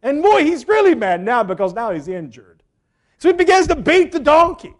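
High-voiced preacher telling a story. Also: male voice, normal speed. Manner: animated storytelling, acts out quotes. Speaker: pastor. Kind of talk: sermon.

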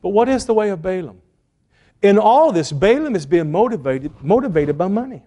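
A man preaching a sermon as a pastor, retelling a story in an animated way and acting out the quotes. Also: sits high, moderate pace.

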